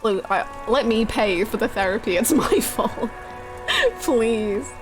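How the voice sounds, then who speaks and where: Brief: young female streamer, lively and laughing, slightly high voice, game music behind. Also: slow pace. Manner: chatty, laughing, animated storytelling. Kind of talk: casual chat while playing a game.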